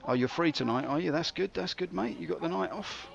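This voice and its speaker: A man streaming a game, telling theatrical, jokey stories with big swings in pitch. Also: brisk, vocal fry, dull audio. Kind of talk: rambling live-stream commentary.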